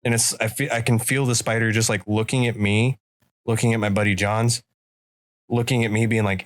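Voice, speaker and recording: A man's voice: fairly low pitch, a little fast, no echo, clean studio sound. A man co-hosting a podcast, telling a story casually and acting out the voices in it. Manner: animated, acts out voices in his stories. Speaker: podcast co-host.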